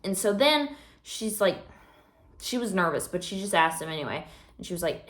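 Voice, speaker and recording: In a roomy-sounding recording, a teenage girl with a lowish, a bit bright voice swings widely in pitch at normal speed. She's casually vlogging from her room, a little out of breath, rambling through a story with lots of fillers while busy with a task.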